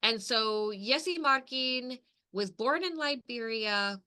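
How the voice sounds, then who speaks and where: A woman's voice: a little high, expressive, slow, bright, forceful tone, clear, resonant tone. A woman co-hosting a podcast in casual chat, talking loosely with lots of filler words and the odd swear. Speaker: podcast co-host.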